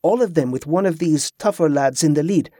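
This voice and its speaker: A man's voice: a little high, fairly quick, mellow, dry recording, clean studio sound, close to an everyday voice. A man voicing a friendly, talkative local townsman telling a tale in a fantasy audiobook. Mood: chatty. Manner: folksy, chatty dialect.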